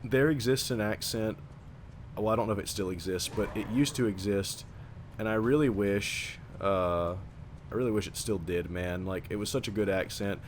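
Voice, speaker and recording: A man's voice: fairly low pitch, slight background noise. A man streaming a game and chatting casually with friends, rambling and swearing as he talks. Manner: rambling, profane, drawn-out talk. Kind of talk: casual chat while gaming.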